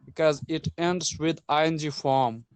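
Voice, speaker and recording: A student who answers questions hesitantly, filling pauses with "uh.". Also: medium pitch, clean tone. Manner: hesitant, with fillers.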